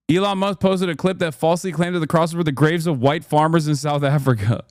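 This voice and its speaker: A man in his thirties ranting and reading aloud in a live-stream commentary, fast and sarcastic. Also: on the high side, steady tone, a little mellow, no echo, clean studio sound. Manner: fast, heated, sarcastic rants. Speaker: streamer reacting to news clips.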